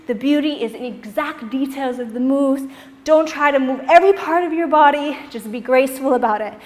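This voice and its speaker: A young woman with a high, bright voice leads a dance tutorial, cheering her students on with energy and calling out the counts. Her voice rings with a long reverb, as if she were in a big, bare studio. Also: brisk. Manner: energetic, encouraging, counts beats aloud. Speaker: dance instructor.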